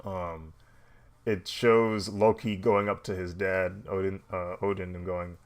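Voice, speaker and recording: Man, low voice, unhurried, laid-back drawing chat, mumbled asides, laughs a lot. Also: little pitch movement. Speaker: digital artist streaming. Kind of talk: casual chat while drawing.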